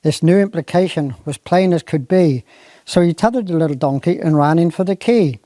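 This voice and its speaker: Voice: medium pitch, normal speed, mellow, no echo. A performer with a Cornish accent reciting comic dialect verse in a rhythmic, sing-song way.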